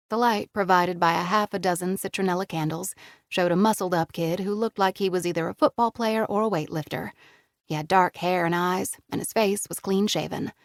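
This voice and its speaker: A woman's voice: lowish voice, no echo, clean studio sound. A woman narrating an audiobook in a scripted reading style.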